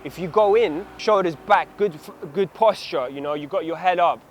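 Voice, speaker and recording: A man giving dating advice straight to camera, animated and instructive, acting out short examples as he goes. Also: high voice, normal speed, muffled recording, a little hiss or hum. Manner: animated, demonstrates approaches in acted voices. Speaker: dating coach. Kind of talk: direct-to-camera coaching talk.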